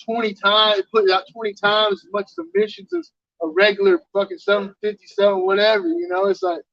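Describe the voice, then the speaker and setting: A man's voice: sits high, very animated, a little fast, vocal fry, a bit bright, no room sound, dull audio. A man in a casual religious chat, telling stories with lots of swearing and laughter. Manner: profane, laughing storyteller.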